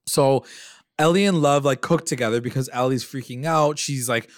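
A man's voice: mid-range voice, normal speed, dry recording, studio quality. Rambling man recapping a show. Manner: rambling, filler-heavy, swears often. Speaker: podcast co-host. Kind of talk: casual recap chat.

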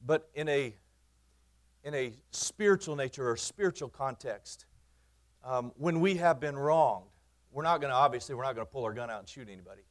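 A man, a pastor preaching in his church, earnest, repeating phrases for emphasis and swinging from loud to quiet. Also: mid-range voice, animated, normal speed. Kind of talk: sermon.

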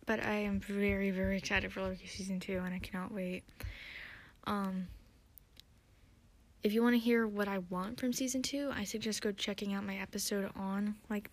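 A young woman hosting a podcast, recapping and theorizing in a chatty, excitable way with lots of fillers. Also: medium pitch. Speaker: podcast host.

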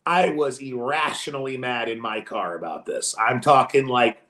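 A man co-hosting a podcast, telling a story in casual chat with a lively, profane manner. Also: medium pitch, moderate pace, reverberant. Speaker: podcast co-host.

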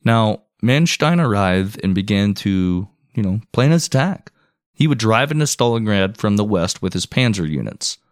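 Low-voiced man narrating history casually. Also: animated, normal speed, smooth, dry recording, studio quality. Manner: reads out history notes, laid-back and profane. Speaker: podcast co-host.

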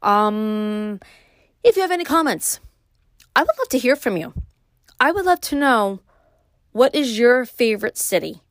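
A middle-aged woman with a Brooklyn accent hosting her own podcast, talking alone in a casual, rambling way with many pauses and restarts. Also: fairly high pitch, sing-song, no echo, studio quality. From New York. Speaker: podcast host. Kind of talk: casual solo podcast monologue.

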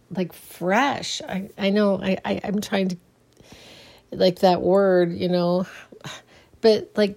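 A woman rambling casually on her own podcast late at night, sleepy and halting, restarting her sentences again and again. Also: mid-range voice, mellow. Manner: halting, many restarts and trailing fillers. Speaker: solo podcaster and small business owner. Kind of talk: casual solo podcast monologue.

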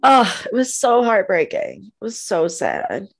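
A woman co-hosting a podcast with a gravelly, fry-laced voice. She recaps a TV episode in casual chat, animated and gushing, and laughs often. Her pitch sits in the middle of the range. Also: a little slow. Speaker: podcast co-host.

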